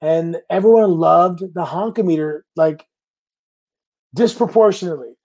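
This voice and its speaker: A man's voice: fairly high pitch, moderate pace, darkish tone. A middle-aged man from Canada, a guest in a casual interview, telling stories and acting out the lines people said to him. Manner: storytelling, acting out quoted lines. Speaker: guest, pro wrestler.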